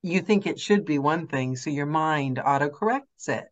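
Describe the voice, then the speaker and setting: A woman with a lowish voice hosts a relaxed narrators' chat. She laughs often and reads comments aloud in a friendly, conversational way. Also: normal speed. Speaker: podcast host, narrator. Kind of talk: casual chat.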